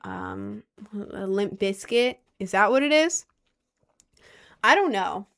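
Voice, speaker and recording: Slow, rambling young woman vlogger. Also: mid-range voice, lively intonation, creaky, a bit bright. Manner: rambling and unsure, full of "like" and restarts. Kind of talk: casual rambling chat.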